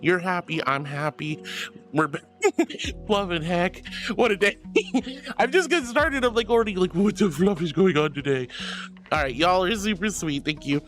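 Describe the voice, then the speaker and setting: A woman's voice: on the low side, sing-song, moderate pace, faint music behind. A woman streamer chatting casually with viewers in a bubbly, giggly, affectionate way. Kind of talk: casual livestream chat.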